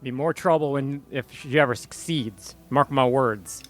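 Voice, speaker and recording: A man voicing a gruff, pessimistic older male veteran pilot in a tabletop game, blunt and folksy in his speech. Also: mid-range voice, a little slow, fairly bright tone, faint music behind, close to an everyday voice. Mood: grim.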